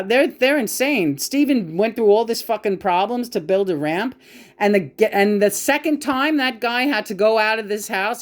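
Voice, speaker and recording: Woman ranting, profane and emotional. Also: mid-range voice. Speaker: vlogger. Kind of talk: casual monologue.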